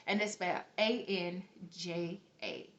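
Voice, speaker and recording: A woman with a fairly low, fairly even voice speaks slowly, offering casual spiritual teaching to her viewers as a spiritual vlogger. She is earnest, repeats herself, often checks in with "okay?", and has a light accent that she points out herself. The lo-fi recording sounds roomy and dull.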